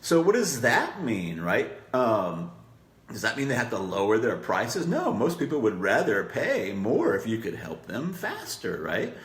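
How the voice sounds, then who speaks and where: Male marketing coach, low lively voice, chatty with frequent "right?", echoey room; casual coaching delivery. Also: a little slow. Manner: conversational, keeps checking in with "right?"; acts out client quotes with rising pitch. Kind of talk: coaching session on marketing copy.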